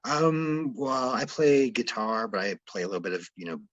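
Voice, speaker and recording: A man who is a guest on a podcast, talking casually in a halting, thoughtful way with many pauses. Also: medium pitch, animated, fairly bright tone, highs cut off. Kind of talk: casual interview chat.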